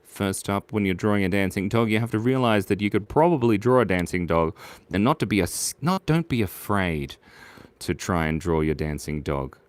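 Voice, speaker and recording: A man chatting on a live stream as he draws, his voice swinging widely between quiet focused muttering and squeaky bursts of excitement. The sound is close and dry, with no room in it. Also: moderate pace, smooth, no room sound. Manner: playful, jumps to squeaky high bursts of excitement; mumbles quietly while focused on drawing. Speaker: streamer drawing for viewers. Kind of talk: casual live-stream chat while drawing.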